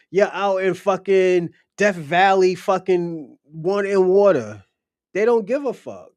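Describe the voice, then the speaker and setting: A man's voice: sits high, a little mellow, no room sound. A young adult man hosting a livestream, chatting casually in a blunt, profane, rambling storytelling way. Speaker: livestream host.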